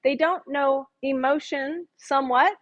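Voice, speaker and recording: A woman's voice: high voice, fairly even intonation, unhurried, muffled recording. A middle-aged woman teaching a women's Bible study, chatty and joking with the group. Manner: chatty, jokes with the audience, acts out voices in quotes.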